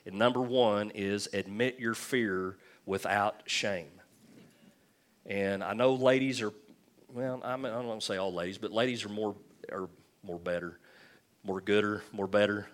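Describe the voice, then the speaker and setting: A man's voice: fairly low pitch, fairly bright tone. A man preaching a sermon as pastor, talking conversationally with jokes and frequent restarts.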